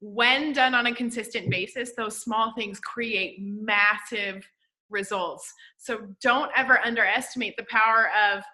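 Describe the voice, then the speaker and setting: A woman's voice: a little high, fairly even intonation, measured pace, sharp tone. A woman hosting an interview, talking about tools she teaches her clients in an encouraging, emphatic way. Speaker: podcast host and coach. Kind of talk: conversational interview.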